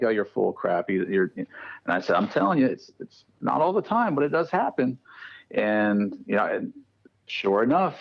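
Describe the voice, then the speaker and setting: A man's voice: medium pitch, vocal fry, muffled recording. A man telling paranormal stories casually on a podcast, acting out the voices of the people in them. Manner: animated, acts out quoted dialogue. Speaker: podcast guest, paranormal researcher. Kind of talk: casual storytelling.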